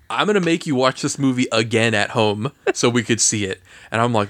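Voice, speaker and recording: A man in casual chat on a podcast, telling an animated story and laughing often. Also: mid-range voice, fairly quick, few pauses, dry recording.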